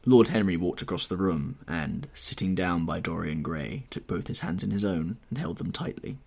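A man reads audiobook narration in a low, husky voice that still moves around a lot in pitch. His delivery is measured and calm. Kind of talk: scripted narration.

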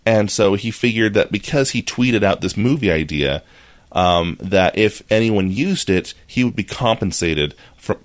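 A man with a low voice co-hosting a casual podcast. He reads out news stories in a relaxed way, with a few ums along the way. The sound is dry and close. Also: unhurried, no room sound. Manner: relaxed, reads out headlines with fillers. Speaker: podcast co-host. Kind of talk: casual chat, reading news items.

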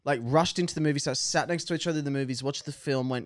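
A young man on a podcast telling a short anecdote in a calm, matter-of-fact way, with some stammered starts. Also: medium pitch, fast talker, dry recording. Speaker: podcast co-host. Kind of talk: casual chat.

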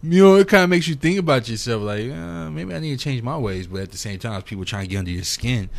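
A man from Minnesota talks as a podcast guest and tells his stories in a loose, profane, casual way. His voice sits at a middling pitch for a man. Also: animated, fast, vocal fry. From St. Paul, Minnesota, USA. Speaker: music producer guest.

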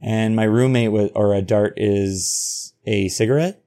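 A man's voice: lowish voice, fairly even intonation, unhurried, mellow. Candid, cursing man telling a story. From Alberta, Canada. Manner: candid and profane, acting out his own inner thoughts. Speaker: podcast host. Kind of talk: confessional storytelling monologue.

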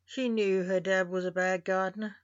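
A podcast storyteller reading a short story aloud in a plain, measured way, on a dull lo-fi recording. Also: mid-range voice, level tone, no room sound. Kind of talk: scripted story narration.

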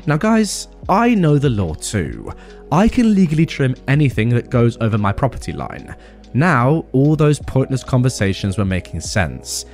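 A man's voice: mid-range voice, very animated, moderate pace, darkish tone. Guy telling a story, lots of snark and jokes, voice bouncing all over, faint music behind. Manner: sarcastic, comic asides. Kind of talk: storytelling narration.

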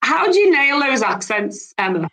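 A woman hosts a podcast, asking questions and reflecting in an encouraging way. Her voice is bright and forceful and sits a little high. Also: big pitch swings, normal speed, rough recording. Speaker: podcast host. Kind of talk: casual interview chat.

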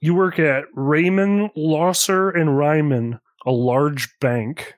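A man's voice: on the high side, takes it slowly, no room sound. A man in casual tabletop game chat, explaining the setup and rules in a loose, rambling way. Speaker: player guiding the game setup.

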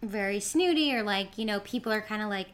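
Woman podcast host, chatty and supportive, lots of likes, medium pitch. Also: lively intonation, a little fast, fairly bright tone. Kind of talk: casual interview chat.

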